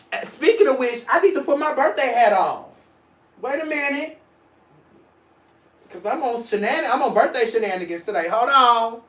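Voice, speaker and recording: A man's voice: high-pitched, a bit bright, echoey room. A man in his forties hosting a casual video podcast, talking in a sassy, playful and outspoken way. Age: 40s. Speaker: podcast host.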